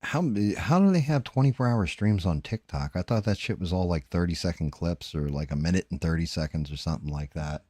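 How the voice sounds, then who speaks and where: Fast-talking deep-voiced Jersey man. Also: expressive, a little mellow, dry recording. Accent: New Jersey. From New Jersey, USA. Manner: fast-talking, profane, rambling. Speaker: live-stream host. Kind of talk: casual live-stream chat while painting.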